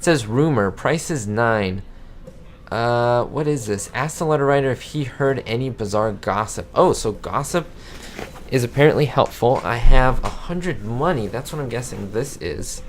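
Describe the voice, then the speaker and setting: A man giving excitable, easily amazed commentary as he plays a video game. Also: medium pitch, normal speed, a little hiss or hum. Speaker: gamer.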